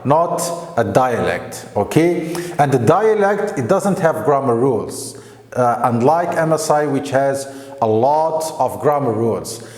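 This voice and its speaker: A man teaches slowly and deliberately, often checking in with "okay?". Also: medium pitch, darkish tone. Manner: slow and deliberate, with frequent "okay?" check-ins. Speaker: Arabic teacher. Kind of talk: explaining to camera. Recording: echoey room with long reverb.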